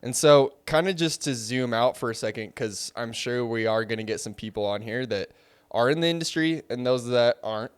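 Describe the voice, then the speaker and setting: A man with a smooth, resonant voice hosts a casual interview podcast. He reflects at length and steers the talk with broad questions. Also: medium pitch, normal speed. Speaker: podcast host.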